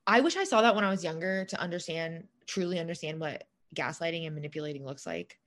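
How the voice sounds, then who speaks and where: A woman with a somewhat low voice chats loosely and rambles through her stories. She talks in a casual, unscripted way. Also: animated, fast, a bit bright. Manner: chatty, rambling, many fillers and restarts. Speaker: podcast co-host. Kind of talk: casual gossip chat.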